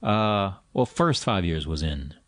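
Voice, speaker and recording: Low-voiced joking podcast host man. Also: expressive, a bit bright, no room sound, clean studio sound. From New York. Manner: joking, self-deprecating, quick questions. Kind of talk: casual chat.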